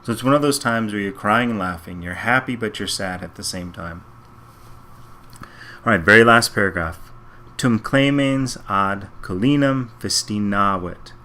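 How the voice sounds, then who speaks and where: A man with a lowish voice and a sharp tone speaks at normal speed while teaching Latin. He moves through a reading passage one sentence at a time, reasoning aloud methodically as he gives a slow, step-by-step translation walkthrough.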